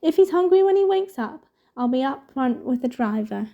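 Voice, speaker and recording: A kindly, motherly older witch speaks in a high, soothing voice, put on by a woman reading a storybook aloud. The tone is soft and mellow. The recording is dull and lo-fi. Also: expressive, normal speed, creaky.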